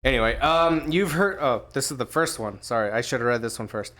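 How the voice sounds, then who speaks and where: This podcast co-host speaks in a mid-range voice that's a bit bright and a little fast. In a casual, joking chat full of profanity, they read news headlines aloud, playfully acting out scenes in funny voices.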